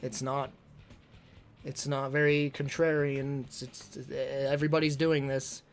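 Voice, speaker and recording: A streamer talking casually on a live stream, gushing and excitable, often stumbling and repeating words. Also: mid-range voice, measured pace, faint music behind. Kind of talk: casual livestream talk ranking games.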